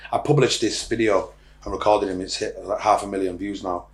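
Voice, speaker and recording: A man's voice: fairly low pitch, fairly even intonation, brisk. A middle-aged man from Ireland, a podcast guest, talking bluntly and rambling, with frequent swearing. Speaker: podcast guest, social media influencer. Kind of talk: casual interview talk. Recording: roomy echo.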